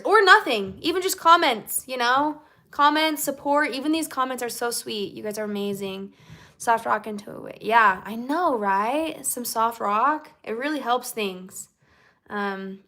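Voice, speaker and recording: A woman's voice: fairly high pitch, bright, forceful tone. A woman singer-songwriter chatting casually with her fans on a livestream, bubbly and chatty, with lots of "like" and "okay?".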